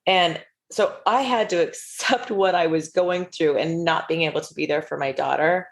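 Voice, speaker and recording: A woman's voice: low voice, moderate pace, creaky. Earnest middle-aged woman giving advice. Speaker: guest. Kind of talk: casual interview chat.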